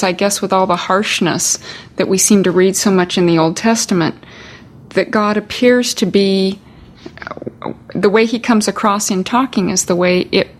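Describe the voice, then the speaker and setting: A woman in a Bible study group answers the teacher. She reads a verse and works through her ideas in searching, halting phrases. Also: mid-range voice. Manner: thinks aloud in hesitant, searching phrases. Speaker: Bible class participant.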